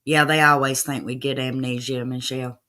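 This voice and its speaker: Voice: mid-range voice, flat delivery, normal speed, sharp tone. A livestream host giving loose, chatty commentary over archive clips, with fillers and asides to chat.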